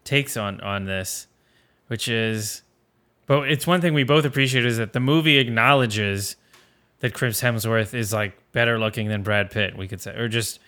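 A man's voice: fairly low pitch, moderate pace, bright, forceful tone. A man co-hosting a casual movie podcast, rambling and self-correcting with frequent laughs. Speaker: podcast co-host.

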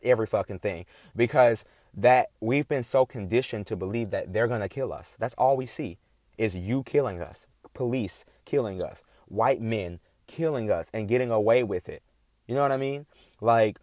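A man's voice: medium pitch, a little mellow, no room sound, clean studio sound. A man in a casual, heated monologue, talking in a profane, emphatic and indignant way.

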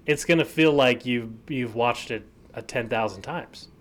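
A man co-hosting a casual podcast, speaking at an everyday middle pitch. He teases his co-host and stumbles through restarts as he gets to his point. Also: fairly bright tone. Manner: teasing, halting with many restarts.

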